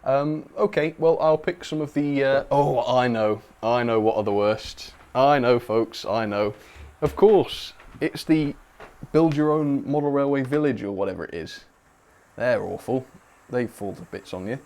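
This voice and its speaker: A young man hosting a relaxed livestream, chatting casually, reading out viewer comments with lots of fillers. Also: medium pitch, measured pace. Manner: chatty, reads viewer comments aloud, frequent fillers and laughs. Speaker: livestream host. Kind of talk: casual live chat.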